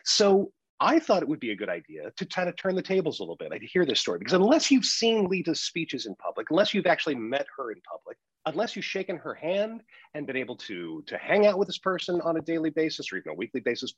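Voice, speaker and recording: A man's voice: a little high, fast, slightly rough, no echo, muffled recording. A man producing and co-hosting a podcast, chatting casually with jokes and frequent restarts. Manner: animated, joking, frequent restarts. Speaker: podcast producer turned interviewer.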